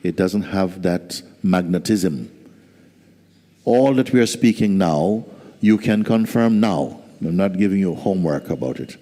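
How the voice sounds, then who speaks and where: A man as spiritual teacher giving a slow, soft-spoken satsang talk with gentle humor. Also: low voice, lively intonation. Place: large hall. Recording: reverberant hall.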